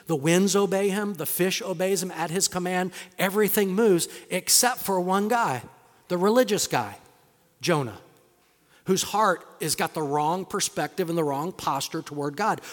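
A man's voice: high voice, moderate pace. Middle-aged male preacher in a reverberant hall. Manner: conversational preaching with rhetorical questions, swinging from emphatic to hushed. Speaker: pastor. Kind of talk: sermon. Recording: long reverb of a large hall.

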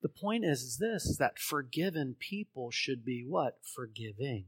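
A man preaching a sermon, telling a parable and acting out its voices, swinging from loud pleading to hushed tones and questioning his listeners. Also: mid-range voice, very animated, normal speed, husky. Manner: asks the congregation questions. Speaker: pastor.

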